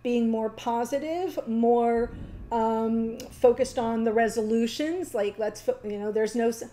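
A woman giving a casual, chatty tarot reading, talking warmly to the viewer with fillers and small laughs. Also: fairly high pitch, unhurried. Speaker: tarot reader.

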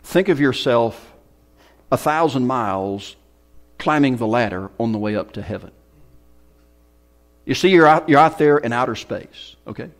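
A man pastor preaching a sermon, with dramatic swings from loud bursts to hushed whispers. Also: medium pitch, lively intonation, moderate pace, pauses often. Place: church hall.

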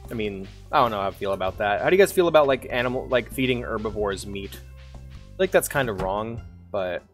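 A man's voice: fairly low pitch, expressive, fairly quick, soft background music. Swearing, humming man streamer. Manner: hums to himself, reads game dialogue aloud, swears casually. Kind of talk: casual gameplay commentary.

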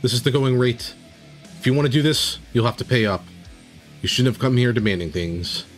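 A man's voice: medium pitch, animated, brisk, soft background music, voice pushed down, natural voice. A man voicing a stern male guildmaster who refuses to bargain, in a tabletop story. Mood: firm.

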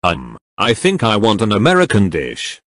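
A man voicing a cheerful, gentle young male hero who teases and giggles, in a fan audio drama reading. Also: lowish voice, huge pitch swings, normal speed, no echo. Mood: playful. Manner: giggly, teasing, apologetic.

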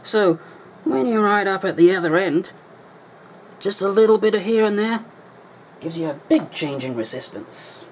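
A man's voice: high voice, expressive, moderate pace, pauses often, a little hiss or hum, low-quality recording. A man explaining an electronics repair at his workbench in a casual tutorial, thinking aloud and correcting himself as he goes. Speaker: electronics hobbyist.

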